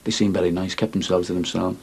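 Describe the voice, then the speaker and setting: A man's voice: deep voice, little pitch movement, fast, creaky, a little mellow, slightly rough, full character voice. A middle-aged man, playing a chatty, dry-humoured handyman in a 1990s TV soap.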